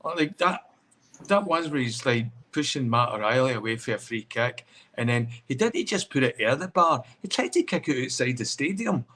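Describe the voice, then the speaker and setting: A man, a podcast co-host, giving animated football opinions with lots of fillers in casual chat. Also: mid-range voice, normal speed.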